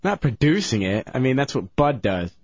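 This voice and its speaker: A man's voice: medium pitch, big pitch swings, moderate pace, slightly rough, dry recording. A man working as a radio producer, evasively dodging a dare from the hosts. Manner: reluctant, evasive. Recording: dry, dull lo-fi radio audio.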